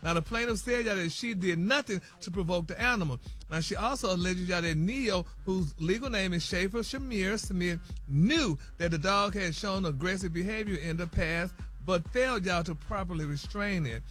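A man's voice: sits high, normal speed, few pauses, fairly bright tone. A man reading celebrity news on a morning radio show in a dramatic way, peppering every sentence with "y'all" and "honey.". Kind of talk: morning radio gossip report. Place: radio studio.

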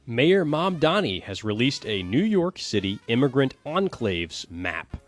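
A man co-hosting a show, going through trending news topics in a low-key, matter-of-fact way. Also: very animated, measured pace, faint music behind. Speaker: co-host presenting trending topics. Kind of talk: casual news rundown.

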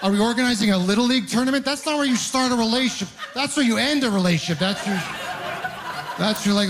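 A man's voice: extremely high pitch, fast talker, noisy background. Rambling young male stand-up comic. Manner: rambling, self-deprecating storytelling with animated asides. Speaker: stand-up comedian. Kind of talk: stand-up comedy set. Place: comedy club stage with live audience.

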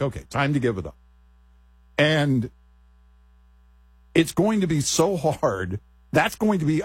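A man's voice: medium pitch, husky, dry recording. A middle-aged man, a radio co-host, chatting casually with wry joking asides.

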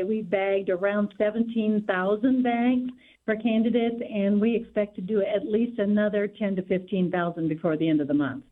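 A woman guest on a radio interview, speaking steadily and laying out volunteer details one after another. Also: mid-range voice. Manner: steady, informative, lists details. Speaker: guest, local party volunteer organizer. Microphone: telephone. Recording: tinny phone line.

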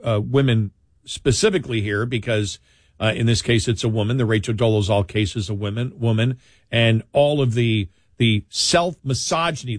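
Older man, radio talk host, animated, mocking quotes, dry close sound. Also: medium pitch, dry recording. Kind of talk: late-night radio talk.

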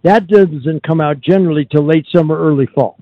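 Man, radio talk host, folksy rambling chat, fairly high voice, slightly muffled dry studio sound. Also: a little fast, no room sound. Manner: folksy, rambling, frequent fillers. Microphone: studio microphone.

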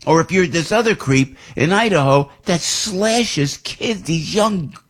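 A man's voice: fairly high pitch, animated, a little slow. An older man hosting talk radio, delivering an indignant, repetitive opinion monologue. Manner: indignant ranting, repeats himself. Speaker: radio host.

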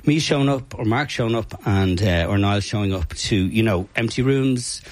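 An Irish man who organizes a music night, telling stories in a casual interview in an animated, chatty way full of fillers. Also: on the low side, moderate pace, no room sound.

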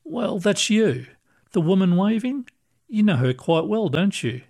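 A kindly old ghost who soothes and explains with patience, as a man reads him aloud. The voice sits a touch high and moves slowly, with an unhurried, gentle calm. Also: heavily acted. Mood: reassuring. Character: kindly older male ghost, calm and reassuring.

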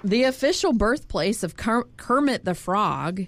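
Female radio co-host, teasing and giggly, mid-range voice, lively pitch. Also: a little slow. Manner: giggly, teasing, reads items aloud. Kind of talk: casual radio banter.

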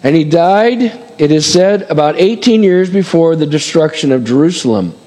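High-voiced pastor preaching in a hall. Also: male voice, expressive, normal speed, mellow. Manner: conversational, folksy, many fillers and asides. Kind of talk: sermon.

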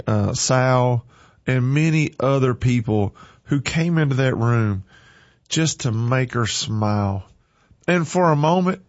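A man speaks on air with fervent, folksy emotion, crying and fighting back tears as he talks from the heart. His voice is medium-pitched, and the audio is dull, with no room sound.

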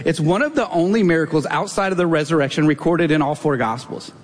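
A man in his twenties or thirties preaching a sermon as pastor, telling a story with lively acted-out quotes. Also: a little high, fast. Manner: animated storytelling, acts out quotes in a raised voice. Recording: long reverb of a hall.

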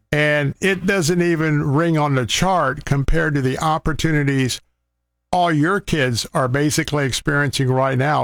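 Male faith-show host, earnest and rambling, slightly high voice, dry studio sound. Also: a bit bright, dry recording. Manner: heartfelt, rambling with restarts and fillers. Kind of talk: earnest fundraising appeal.

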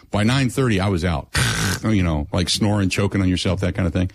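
Host in his middle years, animated storyteller, close dry mic. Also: low voice, a little fast, dry recording. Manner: animated storyteller, acts out his own lines. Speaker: radio show host. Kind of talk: casual chat.

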